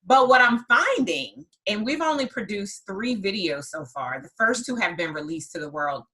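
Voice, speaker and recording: A woman hosting a podcast and telling a story in a lively conversational way, stressing her points by repeating words. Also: medium pitch, normal speed, low-quality recording. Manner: emphatic, repeats words for effect. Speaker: podcast host and business coach.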